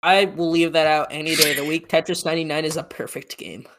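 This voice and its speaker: A woman co-hosting a casual gaming podcast, animated and swearing freely as she rants. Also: deep voice, quick pace, noisy background. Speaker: podcast co-host.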